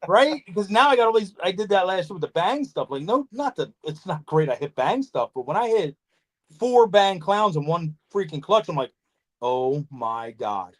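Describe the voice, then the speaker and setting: A man hosting a casual podcast chat, telling animated stories, swearing freely and acting out conversations. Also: high voice, a little fast. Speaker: podcast host, snake breeder.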